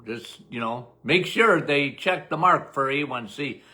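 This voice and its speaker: A man's voice: mid-range voice, lively intonation, bright, forceful tone. An older man hosting a casual live-stream, greeting viewers by name and answering questions in a chatty way. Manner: chatty, reads viewer names quickly, laughs at himself. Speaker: host.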